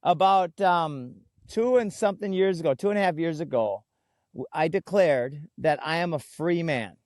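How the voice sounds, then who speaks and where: A man's voice: fairly high pitch, a little mellow, no room sound. Earnest man telling stories, dry sound. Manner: earnest storyteller, slows down to stress key words. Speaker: guest. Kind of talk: conversational interview. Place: outdoors in a food forest.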